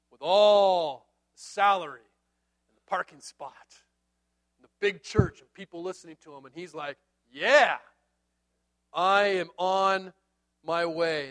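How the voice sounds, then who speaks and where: Man, high voice, pastor, animated sermon storytelling. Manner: animated storytelling, acts out the characters.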